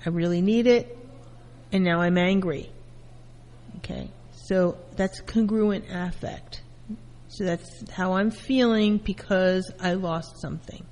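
A woman therapist giving a calm lecture, explaining terms through everyday first-person examples. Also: lowish voice, takes it slowly, big-room sound, low-quality recording. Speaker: therapist teaching.

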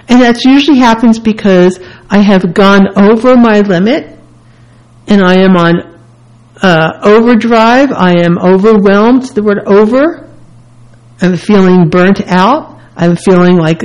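A woman's voice: mid-range voice, a little slow, darkish tone, low-quality recording. A woman hosting a self-help radio talk, speaking earnestly and candidly in short repeated phrases. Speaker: radio host.

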